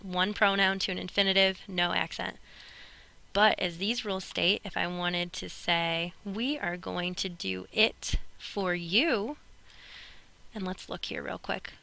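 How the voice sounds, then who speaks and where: A woman's voice: mid-range voice, vocal fry, sharp tone. A woman teaching Spanish grammar in recorded lecture notes, explaining patiently with playful asides as she draws on screen.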